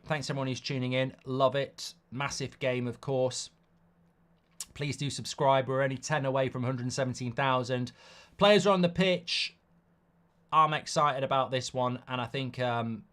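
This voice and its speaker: A man's voice: mid-range voice, fairly even intonation, normal speed, fairly bright tone. Chatty man hosting a football watchalong. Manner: chatty, reads out viewer comments. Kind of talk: casual live-stream chat.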